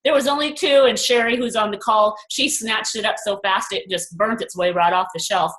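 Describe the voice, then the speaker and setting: An older woman leading a group video call, telling a personal story and acting out her own inner voices with lively swings. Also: mid-range voice, normal speed, reverberant, low-quality recording. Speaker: group leader.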